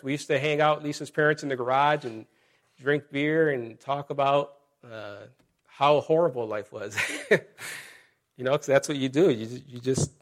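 Pastor with a slightly high voice. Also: male voice. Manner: conversational preaching with asides and scripture reading. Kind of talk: sermon.

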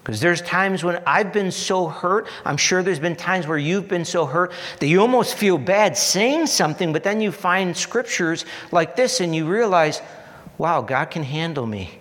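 A man preaching a sermon in an earnest, repetitive style, building to emphatic peaks and dropping to soft asides. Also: sits high, lively intonation, measured pace, big-room sound. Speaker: pastor.

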